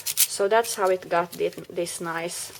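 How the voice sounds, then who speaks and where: A woman's voice: lowish voice, steady tone, slow, gravelly, background noise. Chatty woman explaining a craft project. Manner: chatty, explaining step by step with small self-corrections. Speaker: crafting video maker. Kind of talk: casual craft tutorial.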